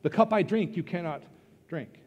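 A man preaching a sermon as pastor, earnest and emphatic, pausing and then rising into bursts of stress. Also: sits high, lo-fi sound. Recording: long reverb of a church hall.

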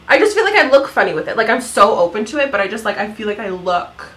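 A woman's voice: mid-range voice, big pitch swings, fast, fairly bright tone, poor audio. A woman in her thirties chatting through a makeup tutorial at home, giggly and full of "like" fillers. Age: 30s. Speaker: beauty vlogger. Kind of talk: casual makeup tutorial chat.

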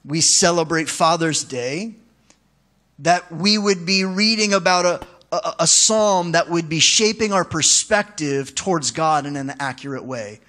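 A man preaching a sermon as pastor, conversational and animated, with asides to the congregation. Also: a little high, measured pace.

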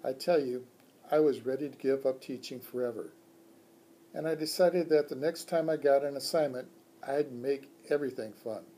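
A man's voice: medium pitch, moderate pace, mellow, lightly acted. A man voicing a discouraged young male substitute teacher in a children's book read-aloud, talking in a weary, earnest way.

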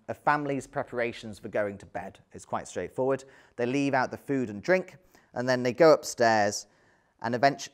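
Man giving a relaxed history lecture. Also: mid-range voice. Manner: conversational, with frequent ums and dry asides. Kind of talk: illustrated history talk.

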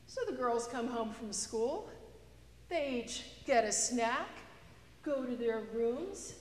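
A woman's voice: on the high side, lively intonation, slow. A woman pastor preaching a sermon in a chatty, storytelling way, recorded in a church. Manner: conversational, storytelling with a joke. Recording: echoey church with long reverb.

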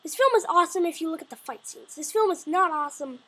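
A woman talking casually to camera as a video reviewer, excitable and rambling, often restarting and correcting herself mid-sentence. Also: extremely high pitch, fast.

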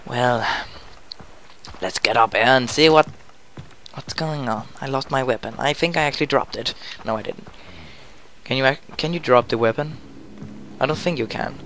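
A man doing let's play commentary who gets excitable, exclaims and yells at the game. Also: mid-range voice, normal speed, a little hiss or hum. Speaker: gamer. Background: game music and car sounds.

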